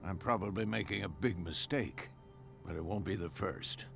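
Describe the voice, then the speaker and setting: Gravelly menacing caretaker. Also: male voice, low voice, normal speed. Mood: grudging. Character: gruff suspicious older male caretaker with an axe. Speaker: video game character. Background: game music.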